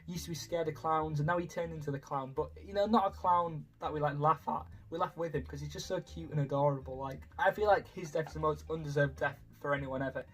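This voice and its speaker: A man's voice: on the high side, quick pace, hardly any pauses, a bit bright. A young man, rambling casually as a YouTuber through a ranking, full of "you know" fillers. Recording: voice a bit far from the mic.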